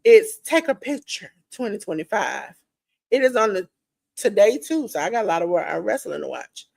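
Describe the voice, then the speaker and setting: A woman hosts a relaxed wrestling preview podcast, talking straight to her audience and calling them ladies and gentlemen. Her voice is wearing thin and going hoarse, at an everyday middle pitch. The sound is dry and close, with no room echo. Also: normal speed. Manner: chatty, addresses listeners directly as ladies and gentlemen. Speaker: podcast host. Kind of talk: casual wrestling preview chat.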